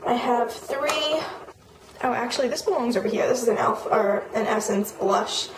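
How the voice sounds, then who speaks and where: A young woman with a slightly high voice chats her way through her makeup collection, naming product after product in a relaxed, filler-dotted way. The sound is roomy and echoey. There is an audible hiss of noise under her voice. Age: young adult. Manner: chatty, lists items quickly with fillers. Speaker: beauty vlogger. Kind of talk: casual product walkthrough. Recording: echoey room with noticeable noise.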